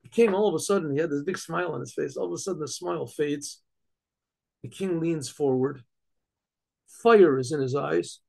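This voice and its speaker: A rabbi narrates a tale with drama, a gravelly, husky man's voice. His pitch sits high for a man. He stumbles and restarts often. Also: normal speed. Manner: animated, with many restarts and throat-clearing. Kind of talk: dramatic storytelling.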